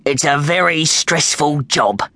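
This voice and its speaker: A man's voice: a little high, unhurried, gravelly, pushed and bright, no echo, full character voice. A weary gladiator gives blunt advice in a plain, matter-of-fact voice, as a man puts him on. His Australian accent comes through, and the reading is dry and close.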